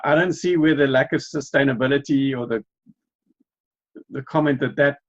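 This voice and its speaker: Male host, husky voice, earnest, muffled lo-fi audio. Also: mid-range voice, steady tone, normal speed. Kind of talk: casual interview chat.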